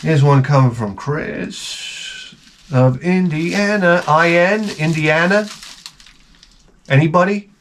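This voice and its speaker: A man vlogging as he opens fan packages, talking in a rambling, excitable way and swearing freely. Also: fairly high pitch, slow pace, pauses often, slight background noise. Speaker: vlogger opening fan mail. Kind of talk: casual unboxing chat. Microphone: camera mic.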